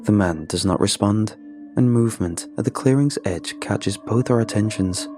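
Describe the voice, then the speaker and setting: Low-voiced man narrating a horror story. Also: moderate pace. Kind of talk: first-person scripted horror narration. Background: background music.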